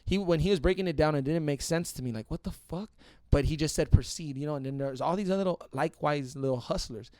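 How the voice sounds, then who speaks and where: A young man telling a profane, animated story in a casual podcast chat. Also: on the high side, fast, no room sound, clean studio sound. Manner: profane, animated, acts out other people's voices. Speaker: podcast guest.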